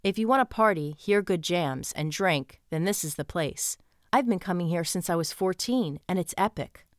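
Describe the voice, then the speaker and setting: A woman's voice: fairly low pitch, animated, normal speed, dry recording, clean studio sound, close to an everyday voice. A woman playing a teasing, wild young woman. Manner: teasing, purring.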